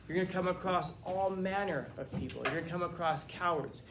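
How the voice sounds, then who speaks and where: A man lectures a classroom on philosophy in a slightly high voice, pressing his students with rhetorical question after question. He sounds animated and conversational. Faint room noise sits behind him. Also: quick pace, hardly any pauses. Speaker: teacher.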